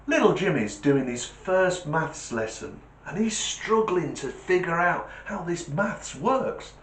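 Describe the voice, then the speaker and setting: A man with a British accent hosting a comedy channel, telling jokes as an animated storyteller who laughs at his own punchlines. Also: on the high side, slow, slight background noise. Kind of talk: joke telling. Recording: roomy echo.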